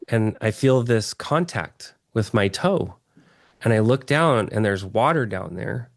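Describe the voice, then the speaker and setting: Earnest, excitable man from Texas. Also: lowish voice, a little slow, dry recording, studio quality. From Texas, USA. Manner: earnest, excitable, often restarts phrases. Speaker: interview guest. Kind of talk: personal storytelling in an interview.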